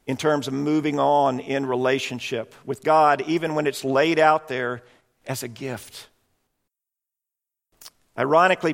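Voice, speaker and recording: A male preacher with a fairly high voice, giving an earnest sermon that explains his points carefully. His words hang in a long hall reverb. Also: gravelly.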